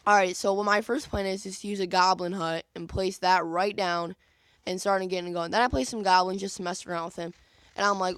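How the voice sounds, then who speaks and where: A man's voice: sits high, steady tone, fairly quick, a bit bright, smooth, no echo. A young man giving casual commentary on his own gameplay, rambling and acting out his own thoughts in quotes with many fillers. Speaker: gaming video creator.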